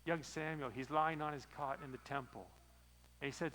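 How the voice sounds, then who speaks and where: A man as pastor preaching a sermon, retelling a story in a lively, storytelling way. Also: fairly high pitch, normal speed, rough recording.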